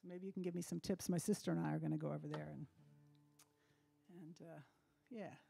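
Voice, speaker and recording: Woman musician, host of her own fireside stream: mellow, relaxed, chatty, faint guitar behind. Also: sits low, brisk, gravelly. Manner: relaxed, chatty, many ums and restarts. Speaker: singer-songwriter hosting a live stream. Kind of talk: casual chat between songs. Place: home by the fireside.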